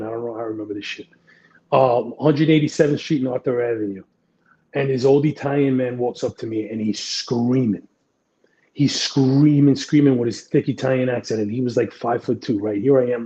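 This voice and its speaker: A man's voice: medium pitch, mellow, dull audio. A man, a retired police detective telling rambling, profane, self-deprecating stories in a casual interview. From the Bronx, New York.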